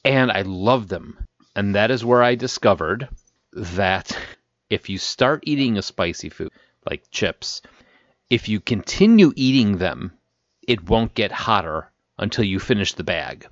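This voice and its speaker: Animated storytelling man, low voice. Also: a little slow, no echo, muffled recording. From Chicago area, Illinois. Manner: animated storyteller who laughs and acts out quotes. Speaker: podcast co-host. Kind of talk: casual chat.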